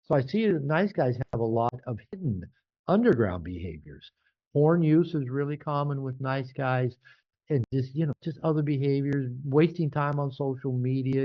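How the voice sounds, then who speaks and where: An older man, an author being interviewed, talking casually and animatedly, often jumping higher to act out quoted voices. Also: lo-fi sound. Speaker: author and guest.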